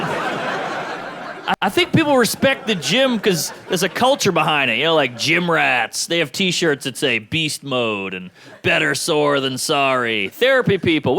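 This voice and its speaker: A man in his thirties performing a stand-up comedy set with dark, deadpan punchlines. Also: on the high side, vocal fry. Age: 30s. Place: comedy stage before an audience. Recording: live show with crowd laughter.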